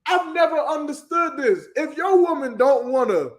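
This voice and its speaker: A man's voice: very high voice, lively intonation, normal speed. A man co-hosting a podcast, talking casually and incredulously with slang and laughter. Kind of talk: casual chat.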